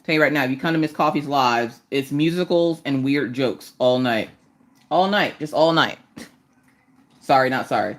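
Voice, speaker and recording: A woman, chatting casually and joking on a crafting live stream while she works. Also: a little fast. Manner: joking, self-deprecating, jumps into high squeaky voices to greet viewers. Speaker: livestream host doing diamond painting.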